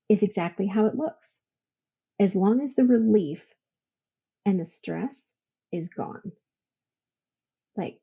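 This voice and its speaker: Warm, husky woman telling a story. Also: mid-range voice, muffled recording. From Idaho, United States. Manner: emotional storytelling, laughs often, quotes others. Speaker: podcast guest, veteran business owner. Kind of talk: casual interview storytelling.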